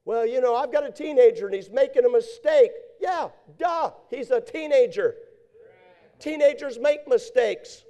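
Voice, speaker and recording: A man preaching a sermon, repeating phrases in a steady cadence and acting out the people in his stories. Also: very high-pitched, normal speed. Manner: repetitive preaching cadence, acts out quoted voices. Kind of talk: sermon with storytelling.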